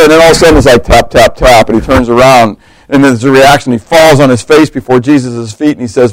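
A fast-talking man with a mid-range voice delivers a sermon, telling lively stories with humorous asides and acting out quotes. The recording has no room sound and sounds rough.

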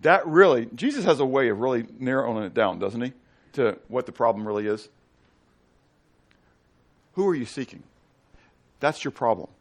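A man preaching a sermon as pastor, animated, often asking the congregation questions and swinging between loud and hushed delivery. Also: medium pitch, fairly quick.

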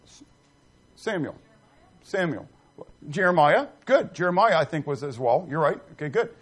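A man's voice: a little high, big pitch swings, normal speed, a bit bright, husky. A middle-aged man preaching a sermon, reading scripture and putting questions to the congregation with emphasis. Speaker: pastor.

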